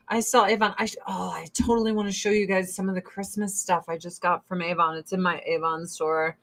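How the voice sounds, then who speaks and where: A woman's voice: fairly low pitch, fairly even intonation, fairly quick, few pauses, fairly bright tone, slight background noise. A woman in her forties, chatting casually and bluntly with lots of swearing as she does her skincare at home, talking close to a streaming mic. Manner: profane and blunt, breaks into laughs. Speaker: vlogger. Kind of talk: casual chat during a skincare routine. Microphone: streaming mic close to the camera.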